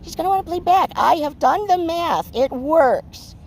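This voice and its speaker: Man doing tiny young tomcat, squeaky high voice, earnest and scheming, traffic noise behind. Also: expressive, moderate pace, vocal fry, heavily acted. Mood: earnest, plotting. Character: small young male kitten, naive and scheming. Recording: noisy outdoor recording with traffic.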